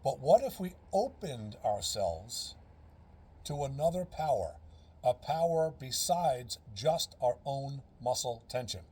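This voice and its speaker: A man with a husky, slightly rough voice talks straight to camera in a casual instructional vlog. He explains earnestly and patiently, repeating his key phrases as he builds each point one step at a time. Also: mid-range voice, very animated, slow, darkish tone. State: out of breath. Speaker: fitness and breathing instructor.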